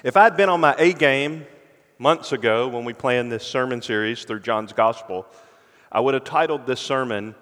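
A man preaching from the pulpit at a middle pitch, earnest and deliberate. He often sinks to a hushed, intense tone to press a point home. His voice rings with a long, spacious reverb. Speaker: pastor. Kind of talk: sermon.

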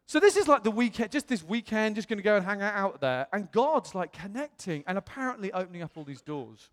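A British man tells a story from the pulpit, bouncing into acted-out voices as he goes. His voice sits a little high for a man. The sound rings out with a long reverb through the hall. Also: fairly quick. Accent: British English. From England. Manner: animated, acts out quoted voices. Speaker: pastor. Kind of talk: storytelling sermon.

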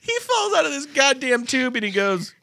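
A man's voice: very high-pitched, very animated, moderate pace, creaky, sharp tone, slight background noise. A man co-hosting a casual podcast chat, joking and slipping into silly mock voices. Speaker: podcast co-host.

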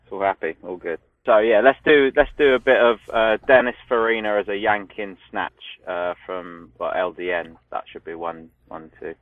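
A man with a London accent, a podcast co-host chatting casually and telling animated stories, acting out what people said. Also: fairly low pitch, normal speed, no room sound. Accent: London English. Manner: animated storytelling, acts out quotes. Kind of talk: casual chat. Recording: tinny phone-like line, dry.

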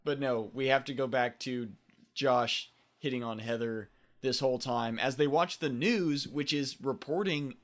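A man's voice: mid-range voice, a little slow. A man co-hosting a podcast, recapping a TV episode in rambling, laughing casual chat and acting out bits of dialogue. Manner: rambling, laughs often, acts out lines.

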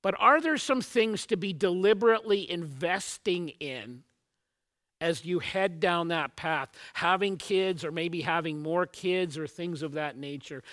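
A man's voice: high-pitched, fairly bright tone. A man pastor delivering a sermon, earnest and teaching, opening with a joke story before addressing his congregation. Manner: earnest, storytelling opener then teaching, occasional restarts.

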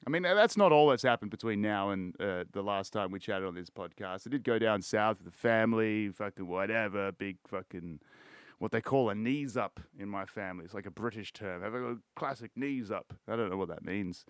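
A man's voice: lowish voice, fairly quick, clean tone, no echo, clean studio sound. A man with an Australian accent hosting a podcast in casual chat, rambling, laid-back and swearing constantly. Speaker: podcast host.

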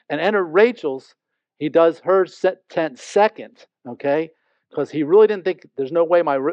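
A man preaching with a high, lively voice that jumps into the quoted characters as he teaches. The sound is close and dry, a little muffled, with no room around it. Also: dry recording. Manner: animated, acts out quoted speech. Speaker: pastor. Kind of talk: expository sermon.

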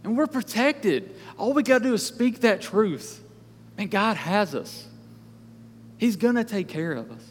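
A man's voice: high-pitched, lively intonation, unhurried, big-room sound, a little hiss or hum. A man preaching a sermon in a conversational way, acting out the characters from the Bible story as he goes. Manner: conversational, acts out biblical characters.

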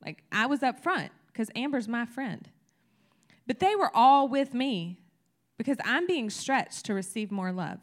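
A woman's voice: fairly high pitch, animated, unhurried. Woman, church teacher, conversational sermon, candid, emphatic. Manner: candid, chatty, emphatic with rising energy.

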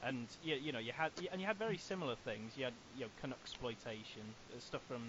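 A man's voice: medium pitch, lively intonation, fast talker. A man hosting a podcast, chatting casually and agreeably. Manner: brief, agreeable interjections. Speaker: podcast host. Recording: dull lo-fi audio with clear hiss.

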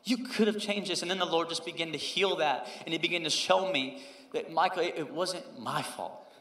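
A man in his thirties, a pastor preaching a sermon and telling a personal story, moving between loud emphasis and hushed, quoted prayer. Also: on the high side, normal speed. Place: church sanctuary. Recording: roomy hall reverb.

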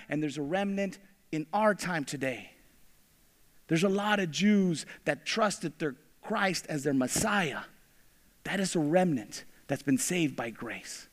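A man preaching a sermon, animated, acting out biblical figures in casual everyday slang. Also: sits high. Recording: long reverb of a large hall.

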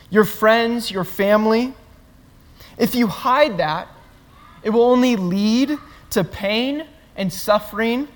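A pastor preaching a sermon to the congregation, earnest, building points through repeated phrases. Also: mid-range voice. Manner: earnest, repetitive emphatic phrasing. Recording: long reverb of a large hall.

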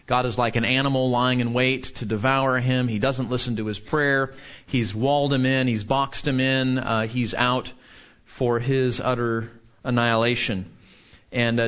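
A man's voice: mid-range voice, fairly bright tone. A man, a pastor, teaching from the Bible in an earnest, conversational way that is full of restarts. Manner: earnest, frequent restarts and filler words. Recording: slightly dull lo-fi sound.

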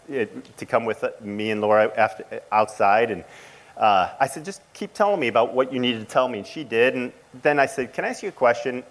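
A middle-aged man sharing an emotional personal testimony as a father, speaking haltingly with frequent restarts. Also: mid-range voice, fairly bright tone, rough recording. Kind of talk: personal testimony to a church audience.

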